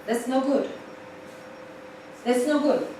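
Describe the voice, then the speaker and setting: High-voiced teacher in an echoey classroom. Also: female voice, slow pace. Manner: lively, repeats key points for emphasis. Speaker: English teacher. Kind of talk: live class lecture. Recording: distant mic, very echoey room, faint noise.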